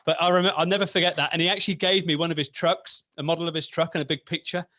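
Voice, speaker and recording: A man hosting a podcast with a light Yorkshire accent and a bright, forceful tone. His voice sits a bit higher than most men's. He tells stories in animated casual chat, laughs a lot, and keeps calling things brilliant. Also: rapid-fire, no room sound, clean studio sound. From England. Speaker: podcast host.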